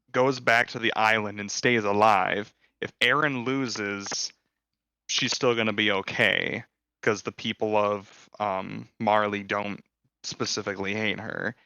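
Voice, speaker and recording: A man with a lowish, bright voice, recorded dry and close. He talks through his points in a measured, casual way on a podcast. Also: smooth, dry recording. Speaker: podcast co-host. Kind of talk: casual podcast chat about an anime.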